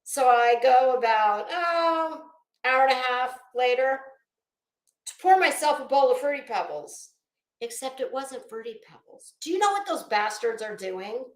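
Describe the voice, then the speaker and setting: High woman's voice, unhurried delivery, swearing rant, echoey room. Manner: profane, animated storytelling. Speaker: host. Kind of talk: casual rant to camera.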